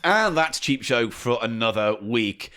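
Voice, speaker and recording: A man's voice: mid-range voice, measured pace, loud music behind the voice. A man from England co-hosting a comedy podcast, telling stories in casual chat and swearing freely. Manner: animated storyteller, swears freely. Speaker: podcast co-host.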